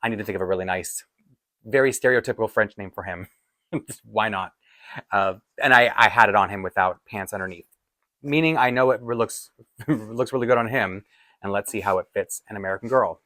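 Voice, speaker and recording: A man's voice: fairly low pitch, fairly quick, bright, forceful tone, dry recording. A man, from Toronto, chatting casually in a rambling, self-deprecating way as a doll collector vlogger. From Toronto, Canada. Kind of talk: casual chat.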